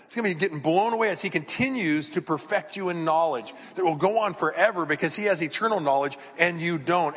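A male pastor preaching a sermon in a church. He talks in a conversational way, jumping between punchy bursts and hushed asides. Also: mid-range voice, breathy edge. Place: church sanctuary. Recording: long reverb of a church hall.

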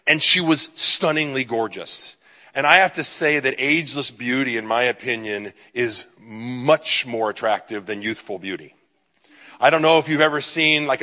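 A male pastor giving a sermon, telling a personal story in a conversational way and dropping quiet for reflective moments. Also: medium pitch, long reverb tail. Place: church sanctuary.

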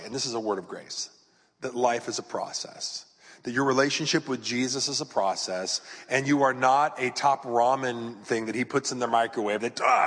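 A man preaching a sermon from the pulpit, his voice slightly husky and breathy. He delivers it conversationally, with sudden punchy bursts and soft, hushed asides. The sound carries the long, ringing reverb of a church hall. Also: mid-range voice. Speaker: pastor. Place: church sanctuary.

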